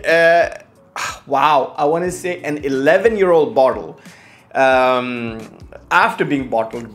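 A young man reviewing whisky to camera at home, telling a story in a lively way and acting out what he said, with many "uh" fillers. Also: a little high. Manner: animated storyteller, acts out his own past remarks; frequent filler "uh" and restarts. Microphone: fixed camera setup.

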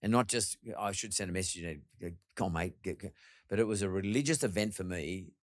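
A man's voice: sits low, fast, dry recording, clean studio sound. A middle-aged man hosting a podcast, telling a candid story in a blunt, reflective way and swearing freely. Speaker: podcast host.

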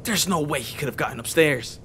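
A man's voice: on the high side, fairly quick, a little hiss or hum. Jumpy young man playing a horror game. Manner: jumpy, excitable, slangy, repeats himself. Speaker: gamer.

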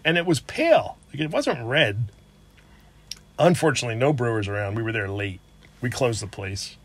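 A man's voice: mid-range voice, big pitch swings, moderate pace, breathy edge. A man co-hosting a brewery review, chatting in a laid-back way and laughing often as he talks. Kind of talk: casual chat.

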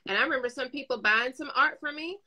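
A woman with a New York accent, a business owner and coach, tells stories in casual conversation, animatedly acting out the quotes. Her voice sits high and she speaks fast. The audio is poor.

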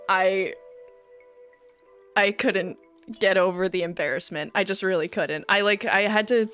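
A woman live-streaming a video game, chatting casually in a rambling, self-deprecating way, full of "like" and quick giggles. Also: mid-range voice, fairly bright tone.

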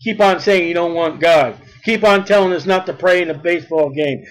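A man preaching a fiery sermon, emphatic and repetitive, rising to shouts at his peaks. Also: a little high, fairly quick, rough recording.

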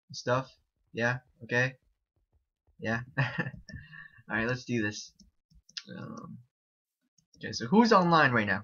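A young man chatting excitably and repeating himself as he gives casual commentary on a game he is playing. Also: medium pitch. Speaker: gaming YouTuber. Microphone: desk mic, no headset. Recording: dull lo-fi home recording.

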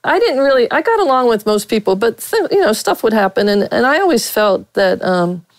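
A woman's voice: fairly high pitch, very animated, brisk, no echo, poor audio. A woman from Pittsburgh, a veteran sportswriter, telling blunt stories in a casual interview with many fillers and laughs. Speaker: sportswriter guest.

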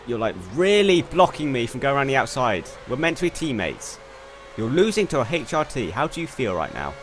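A young man commentating on his own racing game run, excitable and quick to swear in frustration. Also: mid-range voice. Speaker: gaming YouTuber. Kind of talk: gameplay commentary. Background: faint game car engine noise.

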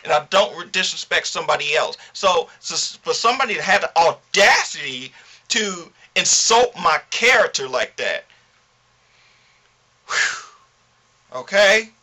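A man ranting indignantly to his camera in a vlog, animated and full of slang. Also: fairly high pitch. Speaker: vlogger.

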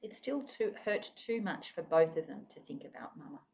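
A woman's voice: lowish voice, lively intonation, normal speed, gravelly, darkish tone, a little hiss or hum. A woman reading a children's novel aloud expressively, now and then speaking to her listeners. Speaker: reader.

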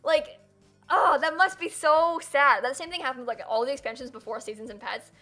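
Young woman streamer rambling to chat, kinda high voice, lots of "like" and "um". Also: quick pace, pushed and bright, soft background music. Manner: chatty and rambling, heavy on fillers, reads chat and thanks subscribers. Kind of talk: casual live-stream chat.

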